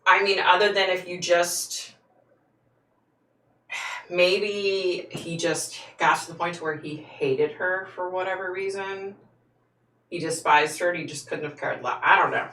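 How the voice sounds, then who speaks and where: A woman's voice: fairly low pitch, fairly even intonation, measured pace, a bit bright, distant mic. A woman who is a psychic, hosting a casual live stream and answering viewer comments frankly, laughing often. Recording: echoey room, voice away from the mic.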